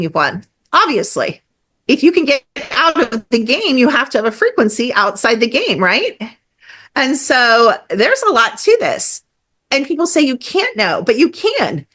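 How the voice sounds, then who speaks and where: A middle-aged woman talking as a guest on a podcast, animated and emphatic, with many fillers and acted-out quotes. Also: on the high side. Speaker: guest energy healer. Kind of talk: casual podcast conversation.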